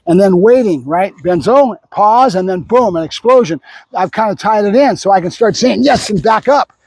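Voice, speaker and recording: High-voiced man coaching a dog. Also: expressive, a little fast, a little mellow, no room sound. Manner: chatty, repeats short marker words while explaining. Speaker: dog trainer. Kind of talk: instructional training narration.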